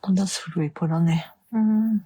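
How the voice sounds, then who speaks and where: A woman's voice: on the low side, moderate pace, warm tone, breathy edge. A woman demonstrating card making on a live stream, chatting and thinking aloud as she decides. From Australia. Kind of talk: live crafting stream chat.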